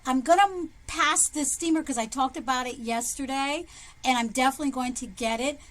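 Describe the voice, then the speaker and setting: A woman presenting shopping deals in a chatty, excitable vlog, her voice jumping up when she hypes a sale. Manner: chatty and excitable, jumps in pitch to hype sales. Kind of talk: enthusiastic product showcase vlog. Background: background music.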